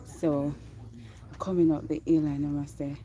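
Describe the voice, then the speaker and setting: A woman with a Jamaican accent, chatting on a live-streamed walking vlog from a phone held in her hand on a quiet mountaintop. She talks in a rambling way and laughs often. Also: deep voice, little pitch movement, a little slow. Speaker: vlogger. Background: birds chirping.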